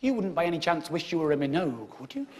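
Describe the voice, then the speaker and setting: A man in his thirties from England doing stand-up in a theatre, telling a story and shouting and swearing at the audience. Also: fairly high pitch, big pitch swings, fast talker. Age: 30s. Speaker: stand-up comedian. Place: theatre stage with a live audience. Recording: live theatre recording with audience and background noise.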